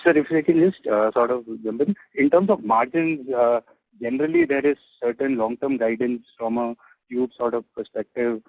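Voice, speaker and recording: A man's voice: mid-range voice, sing-song, moderate pace, creaky, no echo. A man with an Indian English accent, asking an analyst's questions with frequent hesitations. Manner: hesitant, filler-heavy questioning. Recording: dry tinny phone line.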